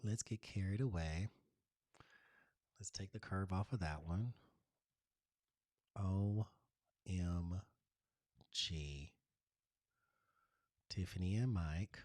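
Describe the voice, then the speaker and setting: A man's voice: sits low, extremely slow, long pauses, a little mellow, dry recording, studio quality. A man hosting a casual design tutorial, chatting to viewers in a gushing, playful way. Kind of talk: casual screen-share tutorial.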